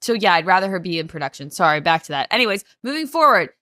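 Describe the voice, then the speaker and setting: A woman's voice: on the low side, sing-song, fast talker, sharp tone, dry recording, clean studio sound. A woman co-hosting a podcast, recapping a reality show in casual chat with sarcastic, exasperated ranting. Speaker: podcast co-host.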